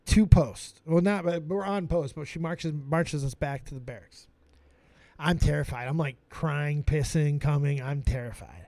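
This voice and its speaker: A man's voice: on the high side, no room sound. A man hosting a live stream who tells a comic story with heavy swearing. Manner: animated, swearing a lot.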